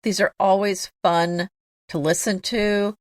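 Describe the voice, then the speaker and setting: A woman's voice: mid-range voice, steady tone, takes it slowly, no echo. A woman co-hosting a home decorating show, giving her opinions in a thoughtful, casual way. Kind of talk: casual conversational chat.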